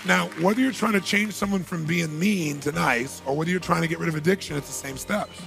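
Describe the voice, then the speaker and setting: A man's voice: a little high, fairly quick, vocal fry, music in the background. A man giving an emphatic motivational talk at a seminar, telling a story and repeating key phrases for weight. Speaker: motivational speaker.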